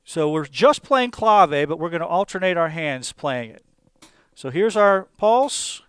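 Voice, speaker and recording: A male drum teacher explains each step calmly and methodically. His voice sits a bit high, smooth and clear, and the recording is dry and close. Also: measured pace, no echo. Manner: calm, methodical, with fillers. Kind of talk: instructional explanation.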